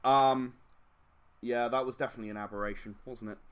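A man's voice: mid-range voice, fairly even intonation, fairly quick, clear, resonant tone. A man running a tabletop game as game master, narrating in a rambling style with frequent fillers and chuckles.

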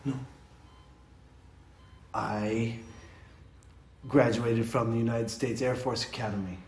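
A man's voice: mid-range voice, steady tone, slow. An actor playing a self-important air force colonel who brags about his background in film dialogue. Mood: earnest. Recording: roomy film soundtrack with faint score.

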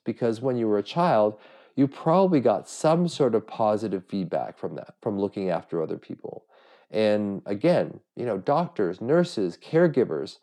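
With a mellow, medium-pitched voice, a middle-aged man reflects aloud on his solo podcast despite having a cold. His monologue is earnest and self-searching, and he keeps restarting his thoughts.

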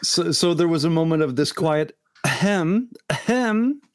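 A man co-hosting a casual board game chat, playful and halting, full of ums and uhs. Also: fairly high pitch, level tone, smooth. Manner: playful, halting with many fillers. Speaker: board game podcast co-host.

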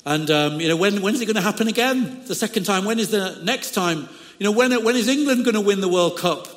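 A preacher plays an elderly Englishman who presses his question again and again. The voice sits a little raised and quick and rings in a long echoey hall. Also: high-pitched, lively intonation, a bit bright, pitched above the performer's own voice. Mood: eager. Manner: eager, repetitive questioning. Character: elderly English Christian man praying.

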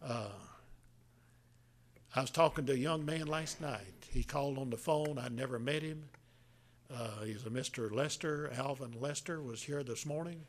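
A man, preaching a sermon in a folksy, halting way, with many restarts and fillers. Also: mid-range voice. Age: 70s. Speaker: pastor.

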